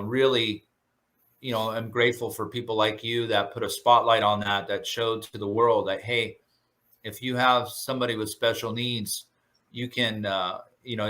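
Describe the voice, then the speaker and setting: Pushed and bright, with a lowish pitch, this man's voice belongs to a surf instructor from Southern California. Sounding earnest and grateful in a casual interview, he leans on fillers and keeps restarting his sentences.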